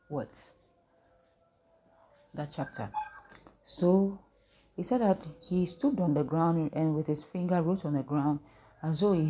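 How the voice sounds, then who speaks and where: A woman leads a Bible lesson and keeps asking her listeners questions so they answer back. Her voice sits low and sounds mellow and warm. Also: a little hiss or hum. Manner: call-and-response, asks the listeners questions. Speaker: preacher. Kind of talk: interactive Bible teaching.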